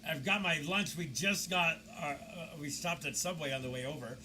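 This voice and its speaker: A man narrating security camera footage as a video commentator, telling the story in a lively way with mocking asides. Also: a little high, moderate pace, slight background noise.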